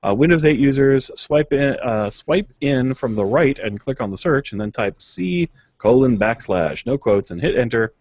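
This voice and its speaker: A man co-hosting a podcast reads through patch notes in a casual way, stopping for uhs and little laughs. His voice sits at an ordinary middle pitch. The recording is dry and close, with no room sound. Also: lively intonation, moderate pace, a little mellow, dry recording. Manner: reads notes aloud with many filler uhs and chuckles. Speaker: podcast co-host.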